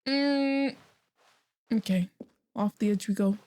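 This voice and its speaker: A woman's voice: medium pitch, takes it slowly, darkish tone. A young woman streaming a game, chatting casually and telling a story full of swearing. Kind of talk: casual gameplay chat and storytelling.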